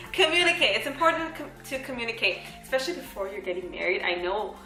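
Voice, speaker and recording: A woman's voice: fairly high pitch, fairly quick, pushed and bright, faint music behind. A woman in her twenties co-hosting a couples vlog, telling a story in a bubbly way, laughing often and acting out what people said. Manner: bubbly, laughs often, acts out quoted dialogue. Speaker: vlog co-host. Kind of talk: casual storytelling to camera. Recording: echoey room.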